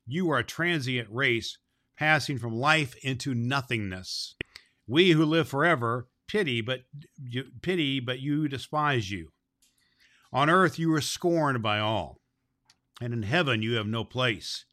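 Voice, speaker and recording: Man doing stern immortal forest master, slow grave delivery, bright edge, dry close sound, storybook. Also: mid-range voice, no echo.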